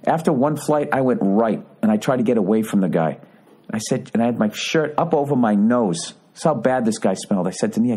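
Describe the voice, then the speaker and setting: A man's voice: medium pitch, animated, brisk, dark tone, slightly rough. A man in his forties hosting a podcast, telling a rambling story in a profane, mock-indignant rant. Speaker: podcast host. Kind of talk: casual comedic monologue.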